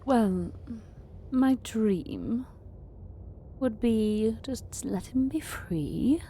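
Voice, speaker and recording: A woman voicing a soft-spoken lady who is secretly a snake, talking slowly and dropping to a hush. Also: fairly high pitch, slight background noise. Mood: wistful. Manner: slow, soft, drops to a hush.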